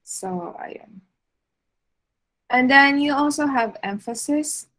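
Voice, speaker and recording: A woman giving an art lecture over slides, unhurried, with frequent fillers and restarts. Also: high voice, a bit bright, poor audio.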